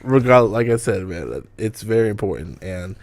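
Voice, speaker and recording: A man's voice: fairly low pitch, animated, normal speed, dry recording. Swearing laid-back young podcast guy. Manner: laid-back, swears freely, laughs often. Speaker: podcast co-host. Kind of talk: casual chat.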